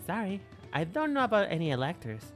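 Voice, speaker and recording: A man's voice: high voice, very animated, quick pace, pitched above the performer's own voice. A man casually reading a chatty female alpaca rancher's game lines aloud, stumbling now and then. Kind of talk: casual dialogue read-along. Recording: faint background music.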